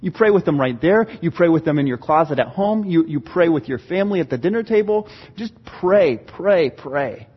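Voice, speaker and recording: A man preaching a sermon as pastor, animated, acting out church members' voices. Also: fairly high pitch, fairly quick, few pauses, slightly rough, highs cut off.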